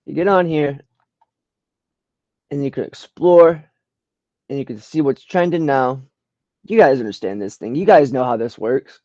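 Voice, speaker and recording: A man casually talking through a screen-share, slangy and profane, reacting with loud disbelief to what he finds. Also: medium pitch, measured pace, pauses often, no echo. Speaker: vlogger browsing trending searches. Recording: dull lo-fi dry sound.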